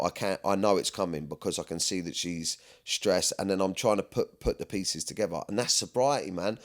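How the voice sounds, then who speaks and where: A podcast host with a low voice chats candidly about personal matters. He rambles earnestly and keeps asking "do you know what I mean."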